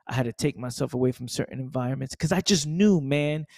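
A man's voice: a little high, lively intonation, fairly quick, few pauses, no room sound, clean studio sound. A young man hosting a motivational podcast, talking emphatically, repeating himself and swearing freely. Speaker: podcast host.

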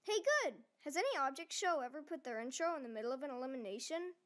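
Speaking fast, a woman performs every character in an animated object show on her own, leaping between shrill shouts and flat, mumbled asides.

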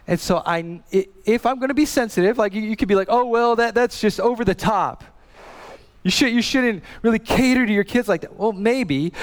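Man preaching in a reverberant hall. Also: high-pitched. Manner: animated storytelling, repeats and restarts words. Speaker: pastor. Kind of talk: sermon.

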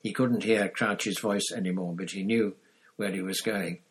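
A man narrating a storybook chapter in a steady reading voice, with an occasional slip and restart. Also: low-pitched, normal speed, husky, poor audio. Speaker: audiobook reader.

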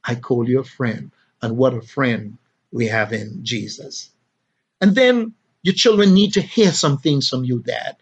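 A man preaching a sermon in a somewhat high voice, swelling and dropping in loudness as he preaches. The recording sounds dull and lo-fi. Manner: preaching with dramatic swells in pitch and volume. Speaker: pastor.

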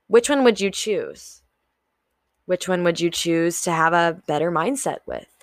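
A woman's voice: lowish voice, no room sound, studio quality. A young woman hosting a solo podcast, talking frankly and casually, swearing freely and acting out her own inner voice. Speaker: podcast host.

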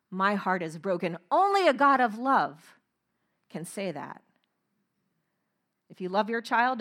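A middle-aged woman preaching a sermon, earnest and emphatic, slowing down to stress key phrases. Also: mid-range voice, bright, forceful tone. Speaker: speaker.

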